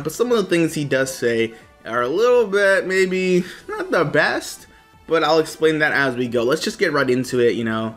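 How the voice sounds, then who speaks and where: A man's voice: a little high, fairly bright tone. A man hosting a gaming video, chatting casually to his viewers in an upbeat, rambling way full of asides. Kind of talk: casual chat to camera.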